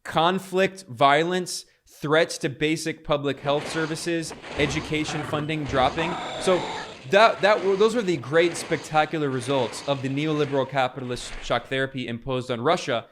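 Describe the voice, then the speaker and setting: Man, political commentator, emphatic and polemical, slightly high voice, faint hiss behind. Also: normal speed, a bit bright. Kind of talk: monologue commentary.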